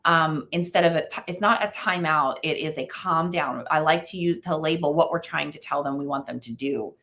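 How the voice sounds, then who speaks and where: Lowish-voiced woman from the us, parenting expert on an interview show, chatty and animated with lots of ums. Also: moderate pace. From United States. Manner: animated storytelling with frequent fillers. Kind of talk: conversational interview.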